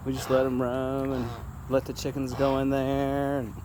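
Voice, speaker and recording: A man's voice: completely flat delivery, moderate pace, noisy background. A man giving a casual walking tour of his farm outdoors, chatty and easygoing, now and then talking to his animals. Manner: chatty, talks to the animals in a higher coaxing voice. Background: geese honking and farm animals.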